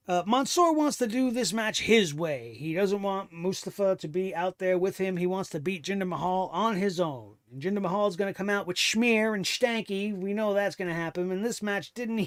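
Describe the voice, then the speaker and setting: A man's voice: high-pitched, no room sound, studio quality. A man hosting a wrestling review show, talking in a sarcastic, exasperated way and swearing freely. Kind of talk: casual commentary review.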